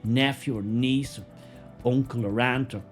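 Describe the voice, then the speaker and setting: A man's voice: mid-range voice, steady tone, unhurried, soft background music. A man giving sarcastic political commentary in a mocking, emphatic way. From Ireland.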